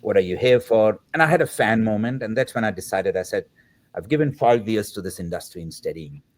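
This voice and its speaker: A man's voice: on the low side, expressive, fairly quick. A man in his fifties, a filmmaker guest, telling a personal story and acting out the dialogue as he goes, with the odd filler word. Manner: acts out quoted dialogue in the telling; reflective, with filler words. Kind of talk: anecdotal storytelling.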